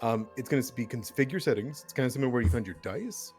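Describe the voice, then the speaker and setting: Chatty game-master man, lively tone. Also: mid-range voice, fast, soft background music. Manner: easygoing, helpful, with many ums. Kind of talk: explaining game settings and running a tabletop session.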